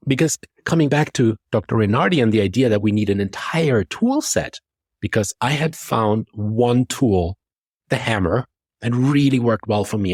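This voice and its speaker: Deep-voiced German-accented man, dry sound. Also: no echo. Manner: lively storytelling, acts out quoted thoughts. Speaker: confidence coach and podcast guest. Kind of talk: conversational podcast discussion.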